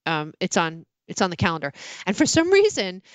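A woman's voice: lowish voice, a little fast, smooth, no room sound. Candid, storytelling middle-aged woman. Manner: candid storytelling with lively self-mocking asides. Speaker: author and podcast guest. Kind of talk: casual interview chat.

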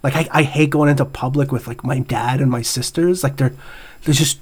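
This podcast host, a middle-aged man, talks a little fast in a steady mid-range voice with a breathy edge. The chat is casual, and he laughs often while reading out would-you-rather questions.

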